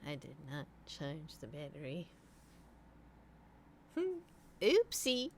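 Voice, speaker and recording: A woman's voice: mid-range voice, normal speed, fairly bright tone, slight background noise. A young woman streaming, chatting casually with her viewers, rambling and self-deprecating, trailing off mid-thought.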